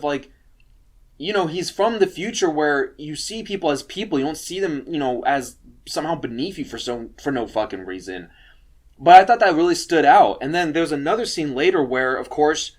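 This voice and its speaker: A young man giving casual film recommendations, rambling with lots of fillers and swearing freely. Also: a little high. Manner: rambling and profane, many fillers. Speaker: film reviewer.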